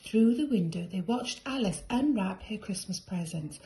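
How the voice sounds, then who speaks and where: A woman reading a children's storybook aloud with a soft, mellow tone. Her reading is brisk and expressive. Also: mid-range voice, rough recording. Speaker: reader.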